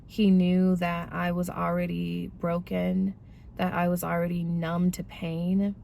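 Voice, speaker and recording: A woman's voice: on the low side, monotone, a little slow, vocal fry, warm tone, slight background noise. Young woman telling a candid personal story. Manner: candid and conversational, addresses viewers as "y'all". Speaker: vlogger sharing a personal testimony. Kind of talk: casual spoken testimony.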